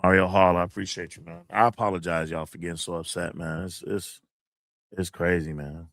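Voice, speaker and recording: A man's voice: sits low, fairly even intonation, brisk, fairly bright tone, no echo, clean studio sound. A man hosting a livestream, reading chat comments and venting emphatically, with plenty of profanity. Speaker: college teacher and livestream host.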